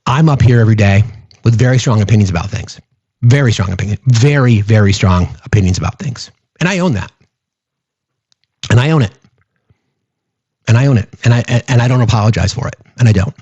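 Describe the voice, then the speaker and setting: A man's voice: medium pitch, lively intonation, fairly quick, long pauses, darkish tone, breathy edge, no echo, highs cut off. A man hosting a political commentary show, speaking emphatically and repeating phrases for stress.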